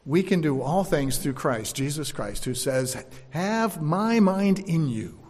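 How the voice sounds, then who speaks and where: A man's voice: a little high, expressive, slow pace. Man preaching in a reverberant hall. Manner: repeats lines for emphasis, dropping to soft tones. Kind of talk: sermon.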